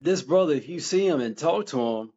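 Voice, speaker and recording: A man being interviewed as an author, talking in a measured, reflective way with many "you know" asides. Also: a little high, lively intonation, dark tone, highs cut off. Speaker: guest author.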